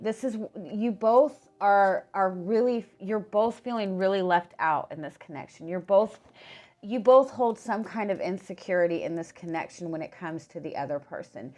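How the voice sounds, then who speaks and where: With her voice on the low side and growing hoarse, a woman gives an easygoing tarot reading. She falters, restarts words, and fills space with "like."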